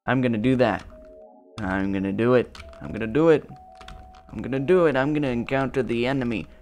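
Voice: mid-range voice, a little fast, darkish tone. A gamer rambling through let's play commentary in a goofy, self-amused way. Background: game music.

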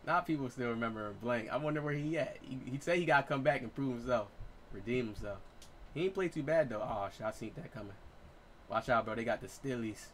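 A man in his late twenties giving excitable, profane live gameplay commentary as a streamer, trash-talking. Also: mid-range voice, a little fast, slight background noise. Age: 20s. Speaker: gaming streamer.

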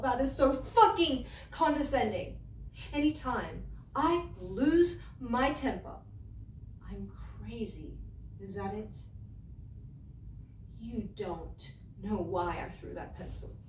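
An actress performing a stage monologue as a quick-tempered young former waitress, hurling profane, confrontational accusations. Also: female voice, sits high, reverberant, distant mic, a little hiss or hum. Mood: furious. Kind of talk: theatre monologue.

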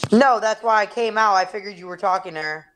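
A woman's voice: mid-range voice, fast, fairly bright tone. A woman co-hosting a casual gossip podcast, talking in a laid-back, slangy way. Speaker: podcast co-host. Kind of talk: casual chat.

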